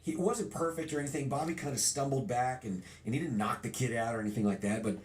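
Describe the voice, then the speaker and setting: A man's voice: mid-range voice, quick pace. Middle-aged man telling a story. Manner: animated storyteller, acts out quotes. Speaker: guest. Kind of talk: storytelling interview.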